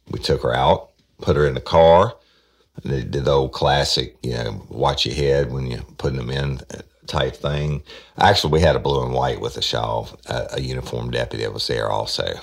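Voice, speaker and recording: A man with an extremely deep voice and a gravelly rasp, telling old cases like a former detective. He talks in a blunt, plain, profane way, as casual spoken storytelling. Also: steady tone, fairly quick.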